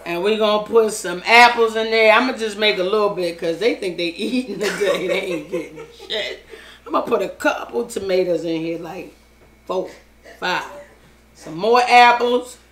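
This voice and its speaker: A brash, wisecracking middle-aged woman walks viewers through a recipe in her own kitchen. Her voice rings off the hard surfaces of the room, and clear background noise runs under everything she says. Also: medium pitch, normal speed, reverberant. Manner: loud, joking, profane banter with family off camera. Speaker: home cooking show host. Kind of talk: casual cooking demonstration. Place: home kitchen with family nearby.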